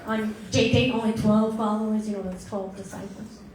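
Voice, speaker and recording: A woman's voice: medium pitch, heavy background noise. A middle-aged woman doing a brash, self-mocking stand-up set in a comedy club. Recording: echoey club with audience laughter.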